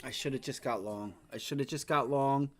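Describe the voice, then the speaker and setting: A young day trader streaming live gives trading commentary in a medium-pitched voice at a moderate pace. He's frustrated, cursing and repeating his exclamations.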